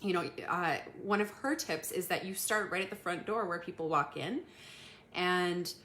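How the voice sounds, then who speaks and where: A woman hosting a casual live talk to her community, chatty, laughing often and filling pauses with ums. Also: on the low side, a bit bright, slight background noise. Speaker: community host giving tips.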